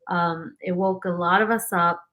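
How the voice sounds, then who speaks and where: A woman's voice: on the low side, fairly even intonation, normal speed, sharp tone, slight background noise. A woman hosting a podcast, chatting in an encouraging way and laughing often. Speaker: podcast host. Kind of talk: casual podcast interview.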